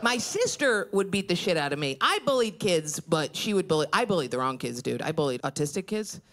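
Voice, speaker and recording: A woman doing a stand-up comedy set, telling crude stories in a brash, animated way on a club stage. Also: lowish voice, brisk. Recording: noisy live club recording with crowd. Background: audience laughter.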